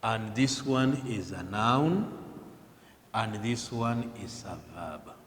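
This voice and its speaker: A man delivers a televised lesson at an unhurried, deliberate pace, pressing hard on the words that matter. His voice rings out with a long reverb, as if recorded in a large, echoing room. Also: fairly low pitch, expressive. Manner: slow, deliberate, emphatic delivery. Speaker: teacher.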